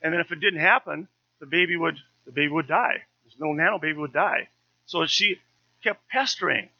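A man's voice: a little high, fairly quick, creaky, lo-fi sound. A man in his fifties, a pastor preaching a sermon in a conversational, story-telling way with touches of humour.

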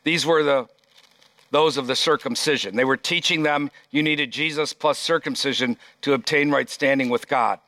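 A man's voice: medium pitch, normal speed, bright, forceful tone, no room sound. A pastor preaching a sermon, reading scripture aloud and stressing his points emphatically.

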